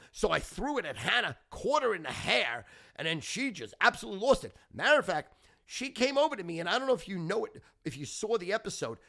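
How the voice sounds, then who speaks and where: A man's voice: high voice, creaky, pushed and bright. A middle-aged man hosting a podcast, telling stories in a brash, profane, boastful way. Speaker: podcast host. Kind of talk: casual storytelling monologue.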